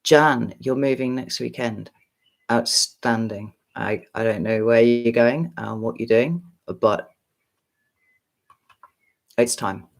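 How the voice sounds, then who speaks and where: A woman's voice: rumbling low, slow, vocal fry, long pauses, low-quality recording. A woman in her forties, chatting casually on a livestream and telling a long story in a frank, sweary, rambling way with lots of fillers. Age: 40s. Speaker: tarot reader livestreaming to a chat.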